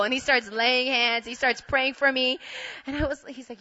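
A young woman telling a personal story to her audience, animated, laughing and acting out both sides of the conversation. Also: sits high, a little fast, no echo. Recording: dull lo-fi sound.

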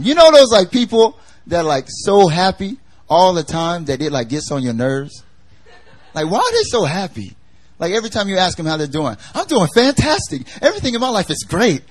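A young man preaching a casual sermon, chatty and jokey, full of fillers as he tells stories. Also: fairly high pitch.

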